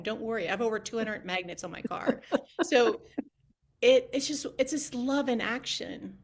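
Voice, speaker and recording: A woman talking casually on a video call, telling animated stories full of quoted back-and-forth. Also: on the high side, normal speed. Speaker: community team member and guest.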